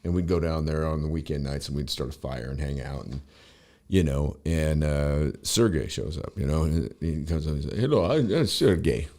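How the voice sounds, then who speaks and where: A man's voice: rumbling low, steady tone, normal speed, a little mellow. A man guesting on a podcast, telling a rambling story in a casual, profane way full of fillers.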